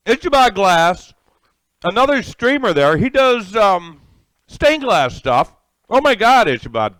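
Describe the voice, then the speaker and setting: A man's voice: high-pitched, big pitch swings, slow, a bit bright, no room sound. A middle-aged man hosting a live cooking stream from his home kitchen, eating as he talks and greeting viewers by name. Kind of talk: casual live-stream chat while eating.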